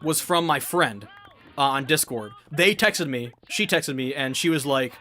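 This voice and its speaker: A man's voice: medium pitch, animated, unhurried, pushed and bright, soft background music. A young man chatting casually while gaming, rambling and swearing, with many restarts. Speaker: gaming vlogger.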